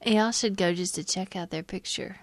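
A woman co-hosting a casual podcast, bubbly and quick to react. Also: medium pitch, no room sound, clean studio sound. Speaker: podcast co-host. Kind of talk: casual chat.

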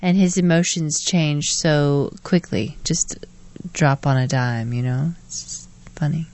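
A woman's voice: deep voice, steady tone, unhurried, darkish tone, no echo. A woman co-hosting a podcast in a casual chat, talking playfully and telling stories about her child. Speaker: podcast co-host.

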